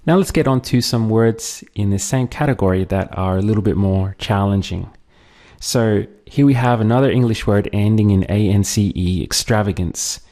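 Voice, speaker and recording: A man teaching a language lesson, patiently drilling words and pausing for the listener to repeat them. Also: on the low side, warm tone. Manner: slow, patient, drills words and pauses for repetition.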